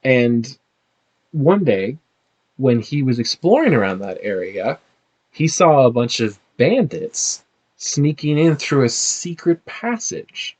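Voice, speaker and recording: A man narrating a tabletop game as game master, animated and halting. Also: mid-range voice, husky.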